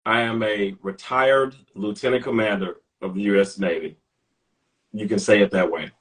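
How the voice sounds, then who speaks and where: A man's voice: lowish voice, fairly even intonation, normal speed, low-quality recording. A middle-aged man from Memphis, an airline captain talking carefully and precisely in a casual interview. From Memphis, Tennessee. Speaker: airline captain, retired Navy officer. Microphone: video call.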